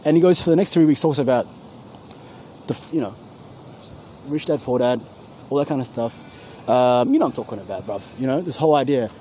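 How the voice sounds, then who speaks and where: Fast-talking profane man outdoors. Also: medium pitch, lively intonation, darkish tone, slight background noise, rough recording. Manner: rambling, profane, loses his words, slangy. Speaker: podcast co-host. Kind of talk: casual profane street chat. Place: outdoors at a university campus.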